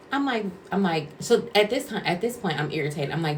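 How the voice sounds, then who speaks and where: Woman with a really low voice just chatting, rambly storytime, bit of faint noise behind. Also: animated, normal speed. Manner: rambling, conversational, acts out quotes. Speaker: former caregiver, vlogger. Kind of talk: casual storytelling vlog.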